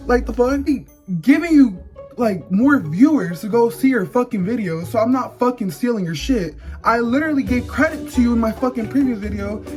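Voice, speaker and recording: A reaction host ranting loudly and swearing constantly in casual commentary. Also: medium pitch.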